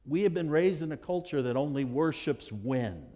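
A male pastor preaching a sermon to his church, animated and emphatic, with dramatic pauses. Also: on the high side.

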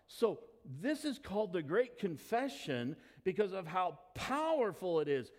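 Emphatic high-voiced man preaching. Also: very animated, a little slow, few pauses. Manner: emphatic, swings from quiet to rising declarations. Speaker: pastor. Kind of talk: sermon. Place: church sanctuary. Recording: long hall reverb.

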